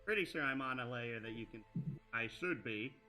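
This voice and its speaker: A man's voice: medium pitch, expressive, normal speed, pushed and bright, soft background music. A man running a tabletop game as game master, narrating in a rambling way with many restarts. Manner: rambling, full of restarts and fillers like "like".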